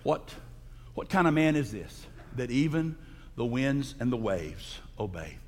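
A male pastor giving a sermon in a church sanctuary, preaching emphatically and breaking into loud, high outbursts. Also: very animated, unhurried. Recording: long hall reverb.

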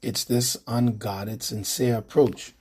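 A male priest, leading a morning devotion with prayer, scripture and a measured sermon. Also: lowish voice, fairly even intonation, darkish tone, slightly rough. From Bahamas.

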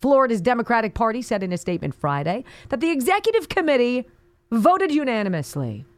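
Woman, talk radio host, sarcastic and indignant, lively swooping pitch, dry close sound. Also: fast talker, no echo. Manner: sarcastic, indignant, mocking asides. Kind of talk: opinionated talk radio monologue.

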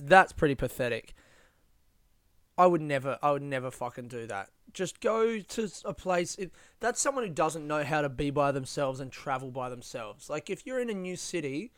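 A man's voice: a little high, expressive, moderate pace, a bit bright. A young man, a comedian, telling a story in a casual, profane and sardonic way.

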